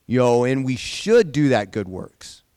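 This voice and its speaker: A man's voice: medium pitch, sing-song, a little slow, darkish tone, clean tone, dry recording, studio quality. A man leading an informal Bible lesson for a group, talking conversationally, repeating phrases and asking the class questions. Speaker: Bible study teacher.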